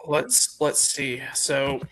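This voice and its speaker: A man playing a tabletop game, talking casually and working through his choices out loud, sometimes swearing. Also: mid-range voice, flat delivery, very slow, a little hiss or hum. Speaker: player.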